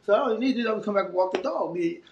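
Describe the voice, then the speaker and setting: Sitting high in pitch and talking very fast, this middle-aged interview guest from Los Angeles recounts his life with a local accent, sounding casual, animated, streetwise and heartfelt. The audio is reverberant and lo-fi, carrying a little hiss or hum.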